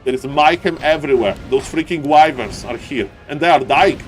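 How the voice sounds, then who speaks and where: A man casting a strategy game live, with excitable play-by-play that keeps calling out to "ladies and gentlemen" and climbs high and loud in the fights. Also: moderate pace, faint music behind. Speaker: esports caster.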